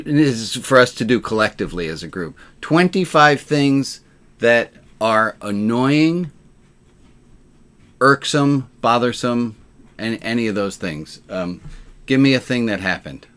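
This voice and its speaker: A man's voice: medium pitch, fairly bright tone. A man, a rabbi, leading a community group discussion with dry, wry asides.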